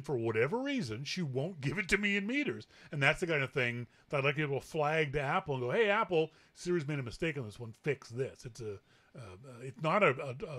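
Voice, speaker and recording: A man's voice: mid-range voice, fairly bright tone. A Canadian man hosting a tech talk show, chatting casually, laughing easily and restarting his sentences. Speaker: podcast host.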